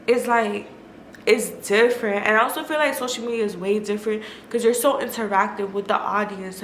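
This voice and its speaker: A woman's voice: medium pitch, fairly bright tone. Candid young woman in an echoey room. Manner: candid and emotional, filler-heavy, swears freely. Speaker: food vlogger. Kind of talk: casual storytelling vlog. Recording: echoey room with faint noise.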